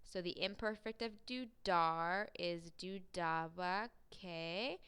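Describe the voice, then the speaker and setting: A woman walks through a grammar lesson in a clear, methodical way. Her voice is bright and lively in tone, and every word comes out very crisp and clean. She slows right down to drill each form. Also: fairly low pitch. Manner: clear, methodical explaining with slow drilled Spanish words. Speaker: Spanish teacher.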